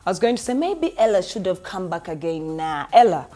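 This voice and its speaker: A woman's voice: lowish voice, big pitch swings, fairly quick, mellow. A young woman hosting a celebrity gossip show, sarcastic and laughing as she talks straight to viewers. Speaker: entertainment news host. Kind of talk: sassy celebrity gossip commentary.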